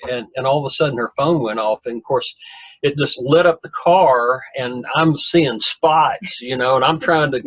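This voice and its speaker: A man's voice: medium pitch, moderate pace, fairly bright tone, no room sound. A man telling a long personal story in a folksy, rambling way with self-deprecating humor. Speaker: guest telling his story. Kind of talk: casual storytelling. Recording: dull lo-fi dry recording.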